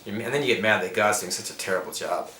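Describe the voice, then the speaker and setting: A man's voice: on the low side, racing. A middle-aged man, a yoga teacher, giving emphatic, preachy spiritual advice in an interview, laying out his points one by one. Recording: echoey room with faint background noise.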